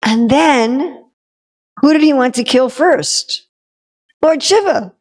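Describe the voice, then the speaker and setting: A woman's voice: high-pitched, expressive, slow pace, a little mellow. A woman spiritual teacher retelling a devotional story in a chatty, conversational way, with wry, humorous asides to her listeners.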